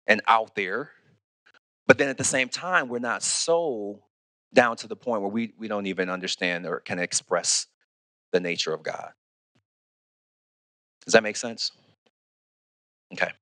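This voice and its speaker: A man preaching a sermon as pastor, animated, often restarting and asking "okay?". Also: mid-range voice, no room sound, studio quality. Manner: animated, repeats words, asks "okay?" often.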